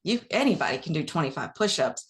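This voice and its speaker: A woman's voice: low voice, sing-song, fast talker. A woman who works as a crime scene investigator, answering interview questions in a plain, matter-of-fact way.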